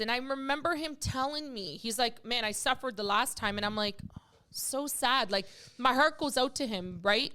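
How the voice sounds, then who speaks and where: A woman's voice: on the high side, pushed and bright, smooth. A middle-aged woman hosting a podcast, talking in an emotional, rambling way full of fillers. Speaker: podcast host. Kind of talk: casual podcast chat.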